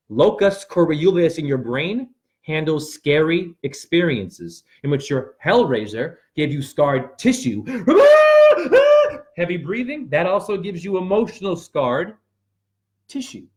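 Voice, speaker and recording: A man hosting a rambling motivational monologue, talking straight to his viewers and breaking into sudden yelps and shouts. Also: on the high side, lively intonation, measured pace. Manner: addresses viewers directly with frequent "right?". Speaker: spiritual video host.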